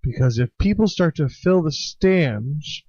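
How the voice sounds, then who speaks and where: A man's voice: on the high side, expressive, a little slow, mellow, no room sound. A man co-hosting a podcast in casual chat, laid-back, swearing and asking "you know what I'm saying". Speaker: podcast co-host. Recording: dull lo-fi podcast audio.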